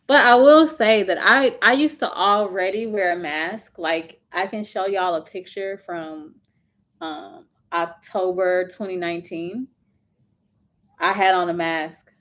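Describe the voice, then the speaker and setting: A woman's voice: fairly low pitch, measured pace, a bit bright. Woman, livestream host, casual chat, sympathetic, loose and chatty, recorded at home. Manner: chatty, sympathetic, fillers like "y'all". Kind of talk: casual live chat reading viewer comments.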